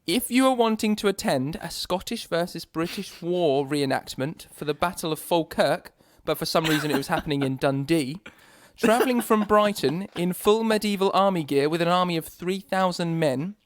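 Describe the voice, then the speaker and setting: A man's voice: a little high, animated, moderate pace, hardly any pauses, no echo. A man co-hosting a podcast in casual chat, rambling along with lots of ums and restarts. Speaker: podcast co-host.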